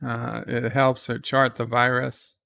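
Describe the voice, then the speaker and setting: A man giving casual live commentary on a TV episode, loosely recapping scenes and reading viewer chat questions aloud, thinking out loud as he answers. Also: mid-range voice, little pitch movement, unhurried, creaky, no echo. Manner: thinks out loud with fillers and restarts.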